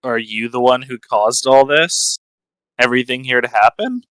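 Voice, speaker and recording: A man's voice: mid-range voice, moderate pace, a bit bright, smooth, no echo, low-quality recording. A man playing an agent in a tabletop game, joking and in character. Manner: joking, laughs easily. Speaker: player. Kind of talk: casual in-character role-play.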